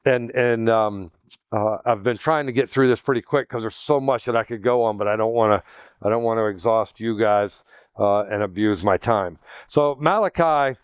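A man preaching a sermon in a casual, animated way, acting out quoted voices as he goes. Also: on the low side, normal speed, clear, resonant tone, no echo, studio quality. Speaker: pastor.

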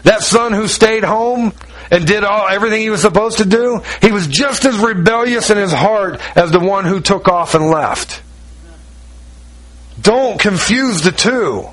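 A man's voice: high-pitched, unhurried, fairly bright tone, rough recording. A man preaching a sermon, retelling a story in a folksy, emphatic way with lots of repetition and direct asides to the congregation.

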